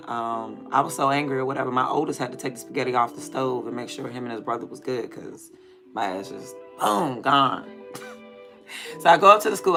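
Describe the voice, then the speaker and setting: A woman from Maryland with a hoarse voice from yelling and allergies, telling a story in a blunt, profane, heated way as she chats at home. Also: extremely low pitch. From Maryland, USA. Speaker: vlogger. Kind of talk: casual storytime chat. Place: home room with windows cracked open. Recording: music playing behind.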